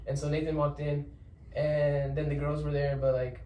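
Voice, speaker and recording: A young man tells a rambling story in casual podcast chat, repeating words and giving shout-outs. His voice sits a little high. He is recorded from a distance in a roomy, echoing space with faint background noise. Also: flat delivery, moderate pace, muffled recording. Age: young adult. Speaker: podcast guest.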